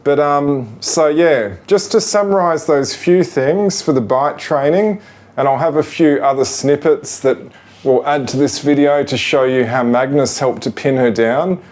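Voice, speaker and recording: A man, gently showing how he trains his ferrets, talking patiently and rambling with fillers. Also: on the high side, a little slow. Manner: gentle, patient, coaxing to the animals; rambling with fillers like "you know" and "sort of". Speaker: ferret owner demonstrating training. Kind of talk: casual how-to demonstration.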